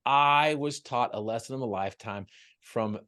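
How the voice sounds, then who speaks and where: Speaking at a medium pitch and moderate pace with a fairly bright tone, a motivational speaker shares a personal story as a guest on an interview show. His heartfelt telling is earnest and emotional, marked by frequent stumbles and repeated words.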